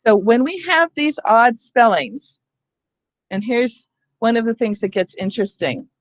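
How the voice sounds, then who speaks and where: A woman's voice: fairly high pitch, lively intonation, a little slow, no room sound. A woman leading a teacher training session on reading, explaining in a conversational way and often checking in with her listeners. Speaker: literacy trainer.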